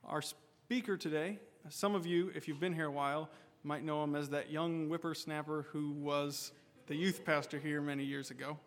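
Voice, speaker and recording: A man stands up at a church service to introduce the guest speaker, friendly and informal. His voice sits a little high for a man. The hall adds a long reverb. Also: fairly even intonation, moderate pace.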